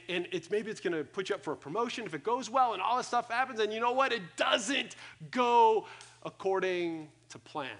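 Man, young adult, preaching, energetic, acts out voices, higher pitch. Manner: energetic, acts out quoted thoughts, swings loud and soft. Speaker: pastor. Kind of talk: sermon. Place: church hall with audience.

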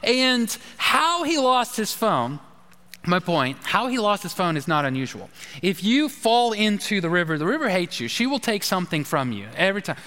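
A man, a pastor telling a chatty, animated story in a sermon. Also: high voice, brisk. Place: church sanctuary. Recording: long reverb of a large hall.

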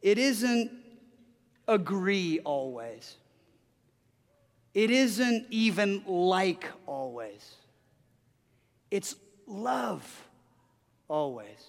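High-voiced man preaching in a reverberant hall. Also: very slow, pauses often. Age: 40s. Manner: animated storytelling with frequent restarts. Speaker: pastor. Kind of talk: sermon with personal story. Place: church sanctuary.

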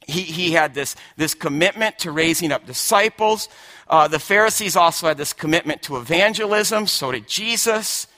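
Emphatic male preacher with bright voice. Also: fairly high pitch, expressive, normal speed. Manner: emphatic, repeats words, swings from hushed to shouting. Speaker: pastor. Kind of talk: sermon.

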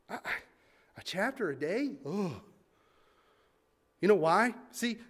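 A man preaching a sermon, swinging from loud emphatic points to quiet asides and acting out listeners' complaints in mock voices. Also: on the high side. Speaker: pastor.

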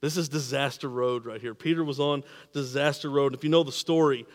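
A man preaching a sermon, repeating and restarting words, swinging between emphatic peaks and quiet drops. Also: mid-range voice, fairly even intonation, a little fast, big-room sound. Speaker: pastor.

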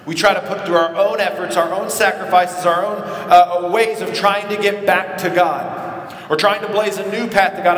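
A man preaching a sermon as pastor, acting out biblical figures in short dramatic asides and dropping low and quiet for emphasis. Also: moderate pace. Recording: echoey hall with long reverb.

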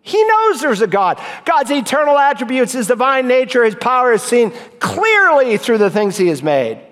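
Man, pastor, sermon, high pitched, emphatic preaching, echoing sanctuary. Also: huge pitch swings, moderate pace. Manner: emphatic preaching with sharp swings in pitch and loudness. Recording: long hall reverb.

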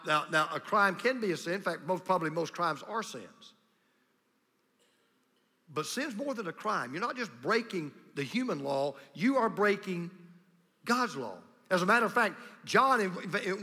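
A pastor preaching a sermon, emphatic and repetitive, with a storyteller's delivery. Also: male voice, high voice, animated, moderate pace, bright, forceful tone. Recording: long reverb of a large hall.

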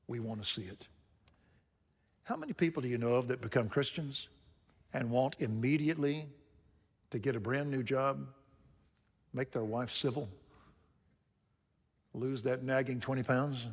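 A man preaching a sermon, swinging between loud rising emphasis and hushed, quiet passages. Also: medium pitch, steady tone, moderate pace, long pauses, breathy edge. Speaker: pastor. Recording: long hall reverb.

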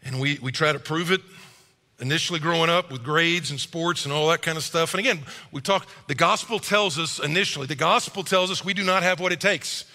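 A middle-aged male pastor preaching a sermon in a church, animated and acting out quick quoted voices. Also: a little high. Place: church auditorium. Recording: reverberant church hall.

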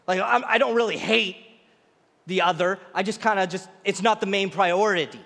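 High-voiced man preaching in a hall. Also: moderate pace, gravelly, fairly bright tone. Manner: earnest, repetitive, emphatic preaching. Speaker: pastor. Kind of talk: sermon.

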